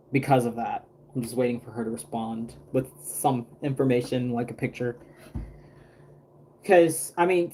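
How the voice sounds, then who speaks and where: Man, casual livestream chat, painting dolls, rambling, filler-heavy, mellow warm tone. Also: medium pitch, a little hiss or hum. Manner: rambling, chatty, many fillers and restarts. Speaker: doll artist painting on a livestream.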